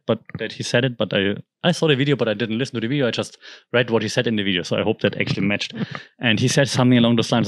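A man's voice: medium pitch, dry recording. German-born man hosting a casual podcast. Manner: rambling, conversational, frequent restarts and "like". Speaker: podcast host. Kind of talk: casual commentary monologue.

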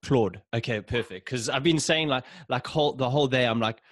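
A man's voice: mid-range voice, fairly quick, a bit bright, no echo, studio quality. A South African man hosting a podcast over a video call, laid-back and chatty, laughing often. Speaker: podcast host. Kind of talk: casual video-call interview.

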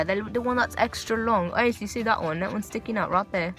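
A woman's voice: mid-range voice, fast talker, fairly bright tone, faint music behind. A young woman vlogging to a handheld camera in a chatty, rambling way, swearing freely as she talks about her day. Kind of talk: casual vlog chat.

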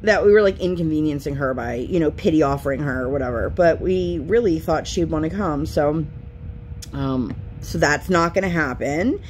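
A woman's voice: low-pitched, moderate pace, a little hiss or hum. A woman in her thirties chatting casually at home while she crafts, rambling through her week. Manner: rambling, chatty, lively storytelling. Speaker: craft vlogger.

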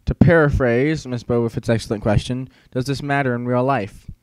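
Brief: a man reading a demanding teacher, formal and measured, mid-pitched, dry sound. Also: steady tone, a little mellow, clear, resonant tone, dry recording, close to an everyday voice, poor audio. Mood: lecturing. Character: stern, demanding older male Latin teacher.

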